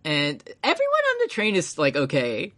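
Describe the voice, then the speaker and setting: Female podcast co-host, low and animated, playful, laughs easily. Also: normal speed. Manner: laughing, playful, swears casually. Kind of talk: casual chat.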